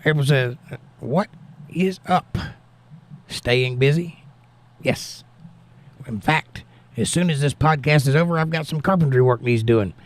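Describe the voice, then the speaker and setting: A man's voice: mid-range voice, moderate pace. Man reading out stream chat. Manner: reads viewer comments aloud and replies; prayerful, thanks God. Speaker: livestream host reading chat. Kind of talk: casual chat.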